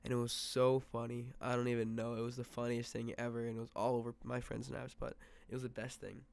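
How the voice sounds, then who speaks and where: Young dude rambling thru a storytime, gravelly voice, lots of "like", whispers the quotes sometimes. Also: male voice, mid-range voice, little pitch movement, quick pace, a little mellow. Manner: rambling, heavy on filler "like" and quoted asides; drops to a whisper for quoted thoughts. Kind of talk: casual storytime vlog.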